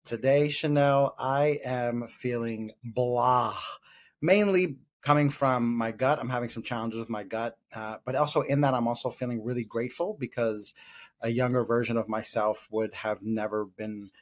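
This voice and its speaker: A man's voice: mid-range voice, fairly even intonation, normal speed. A man co-hosting a podcast in casual chat, reflective and given to playful teasing. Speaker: podcast co-host.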